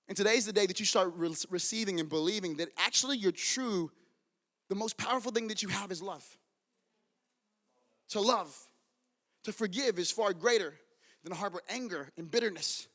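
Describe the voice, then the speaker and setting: Male pastor preaching hard, high voice, long church hall echo. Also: a bit bright. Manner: fervent preaching, urging the congregation. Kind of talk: sermon. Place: church auditorium with congregation.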